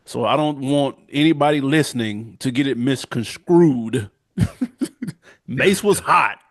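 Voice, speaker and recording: A man co-hosting a casual podcast, making his points in an animated, opinionated way. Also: medium pitch, slow, no echo, clean studio sound. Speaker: podcast co-host. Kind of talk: casual chat.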